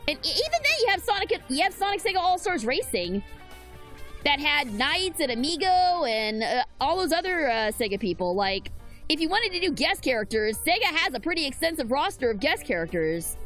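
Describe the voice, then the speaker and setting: A woman's voice: sits high, sing-song, normal speed, fairly bright tone, soft background music. A woman streamer giving chatty, rambling game commentary.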